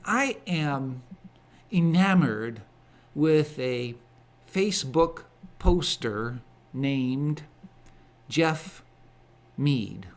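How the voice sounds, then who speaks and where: A man's voice: on the high side, expressive. A man hosting a ministry show and giving a spoken commentary monologue, with emphatic repeated phrases. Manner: slow, deliberate delivery with emphatic repeated phrases.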